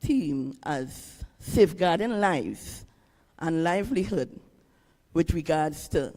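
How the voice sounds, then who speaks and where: A woman from Trinidad and Tobago with a Trinidadian accent, a calypsonian introducing her song from a ceremony stage in an earnest, halting way. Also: deep voice, animated, darkish tone, long reverb tail. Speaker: calypsonian and guest performer.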